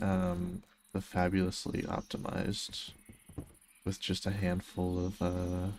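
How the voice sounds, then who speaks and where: Low-voiced young male streamer. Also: a little mellow, a little hiss or hum. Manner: joking, self-mocking, reads chat messages aloud and answers them. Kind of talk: casual gaming livestream chat.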